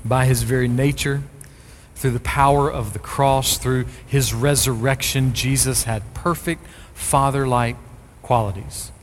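Middle-aged preacher in a reverberant hall. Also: male voice, mid-range voice, steady tone, measured pace, slight background noise. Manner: preachy, rising to forceful emphasis. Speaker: pastor. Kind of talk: sermon.

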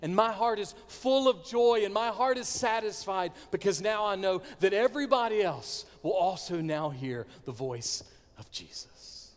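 A man preaching a sermon, swinging between loud declarations and hushed near-whispers. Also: high voice, animated, normal speed, hardly any pauses. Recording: long hall reverb.

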